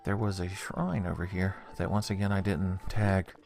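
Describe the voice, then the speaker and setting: A man's voice: low-pitched, fairly even intonation, moderate pace, vocal fry, a little mellow, soft background music. A man hosting a gaming channel, rambling through a let's play with constant jokes, frequent laughter and casual swearing.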